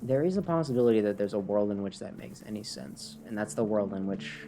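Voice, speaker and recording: Tipsy Canadian man rambling, lively pitch. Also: fairly quick, faint music behind. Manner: rambling self-talk, chuckling at own jokes. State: tipsy from drinking. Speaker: streamer. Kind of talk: casual gameplay livestream chatter.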